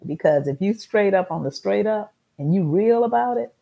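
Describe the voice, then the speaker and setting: A woman's voice: mid-range voice, expressive, moderate pace, vocal fry, warm tone, rough recording. A middle-aged woman hosting a talk show, telling a story in an emphatic, repetitive monologue.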